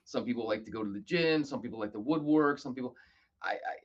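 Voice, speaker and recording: A man telling stories casually as a podcast guest, animated and acting out other people's lines. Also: mid-range voice, quick pace, dull audio. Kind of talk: casual storytelling.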